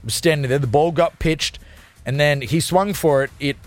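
A man's voice: on the high side, normal speed, faint music behind. A man hosting a radio show, talking in jokey, self-mocking, hyped patter. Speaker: radio host.

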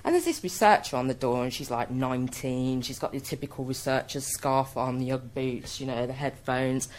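A woman telling a comic personal anecdote in an animated, self-mocking way. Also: rumbling low, normal speed. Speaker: storyteller.

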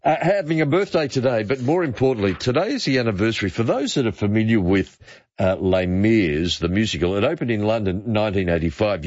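An Australian man hosting talkback radio, relaxed and unhurried with many uh fillers. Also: deep voice, no echo, muffled recording.

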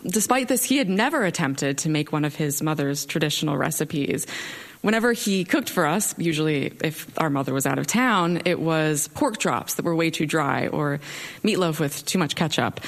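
A young woman telling a wry personal story to a live audience from a stage, with expressive delivery. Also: deep voice, moderate pace. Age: young adult.

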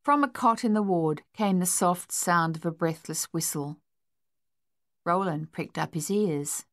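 A woman narrating a novel in a measured, steady way. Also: fairly low pitch, no echo, studio quality. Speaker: audiobook narrator. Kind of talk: scripted narration.

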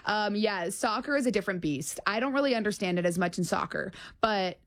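Lively woman guest with a swooping voice. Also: medium pitch. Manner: animated and goofy, quick laughs. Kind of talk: casual chat.

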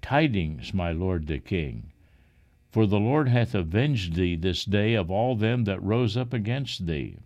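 A man's voice: sits low, expressive, measured pace, darkish tone, dull audio. Grave royal courier, read by a man. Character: solemn male royal courier.

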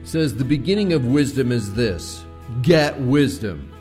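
A male pastor preaching a live Sunday sermon, measured and slowing to stress key words. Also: medium pitch, sing-song, a little mellow, faint music behind. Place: church service recorded live.

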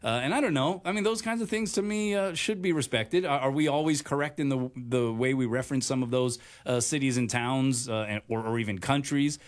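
Male radio host from Hawaii, casual sports chat, stop-start delivery full of fillers. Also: mid-range voice. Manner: halting, many "uh" fillers.

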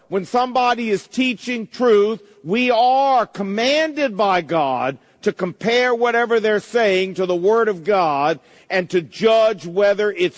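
A man with a notably high voice delivers an emphatic sermon, quoting scripture and speaking straight to his congregation. His words ring out with a long reverb, as in a large church sanctuary. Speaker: pastor.

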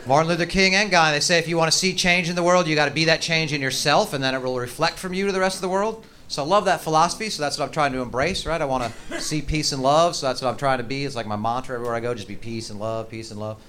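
A man doing a stand-up comedy routine on stage, ranting in a profane, exaggerated way with sudden shouted outbursts. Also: on the high side, fast, few pauses. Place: comedy stage before a live audience.

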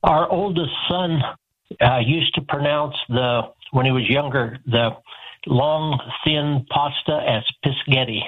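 A man calling in to a radio show, an animated storyteller who acts out the voices in his story. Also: on the high side, takes it slowly, phone-quality sound. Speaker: caller. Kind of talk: radio call-in anecdote.

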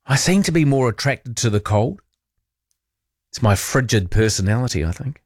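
A man's voice: mid-range voice, lively intonation, normal speed, dry recording. A male late-night radio host, chatty and opinionated, tossing off sarcastic asides. He speaks close to the studio mic, so his voice sounds dry and direct. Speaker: radio talk show host.

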